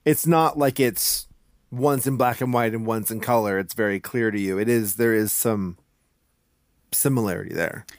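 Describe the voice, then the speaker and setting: A man's voice: on the low side, moderate pace, no room sound, clean studio sound. A male podcast host asking curious, rambling questions in casual chat.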